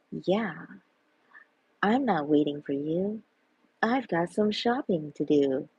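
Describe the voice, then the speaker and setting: Husky playful woman on a live stream. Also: fairly low pitch, animated, takes it slowly, pauses often, darkish tone, no room sound, highs cut off. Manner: playful, sing-song, giggly, repeats catchphrases. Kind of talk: casual live stream chat.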